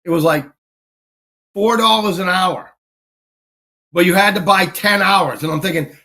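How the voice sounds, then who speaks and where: High-voiced man telling a rowdy story. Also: unhurried, long pauses. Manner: animated, profane storytelling, acting out quotes. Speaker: podcast host. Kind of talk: casual chat.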